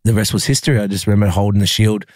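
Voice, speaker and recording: An Australian man, a rugby league player, telling a painful personal story in an interview, halting with many fillers and restarts. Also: lowish voice, a little mellow, no echo, studio quality.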